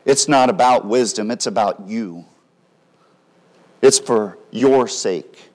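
A man preaching a sermon, swinging between loud emphatic lines and soft, quiet drops. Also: lowish voice, takes it slowly, long pauses. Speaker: pastor.

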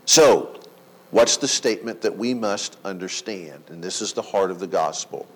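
A man preaching a sermon, emphatic, with dramatic pauses and rhetorical questions. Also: on the low side, expressive, low-quality recording. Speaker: pastor.

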